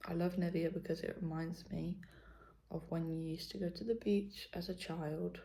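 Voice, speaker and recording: A woman's voice: on the low side, level tone, moderate pace, vocal fry, warm tone. A young British woman chatting casually to camera in a vlog, rambling and correcting herself, sometimes dropping to a whisper. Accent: British English. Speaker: vlogger.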